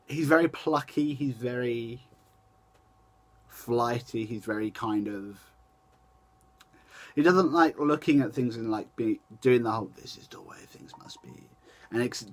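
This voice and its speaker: A young man chatting casually to camera in a rambling way, often restarting and correcting himself. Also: mid-range voice. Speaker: vlogger.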